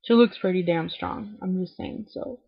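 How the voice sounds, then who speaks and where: A young woman recapping a TV episode in casual chat, full of "like"s and swearing, feeling a little low. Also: normal speed, creaky, husky, no room sound. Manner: talkative, many "like"s, swears freely, acts out lines in quotes. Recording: dull lo-fi webcam audio.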